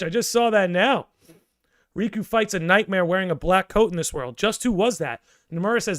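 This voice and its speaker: A young man hosting a livestream, chatting casually and excitably, thinking out loud with quick restarts. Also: high-pitched. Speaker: podcast and livestream host.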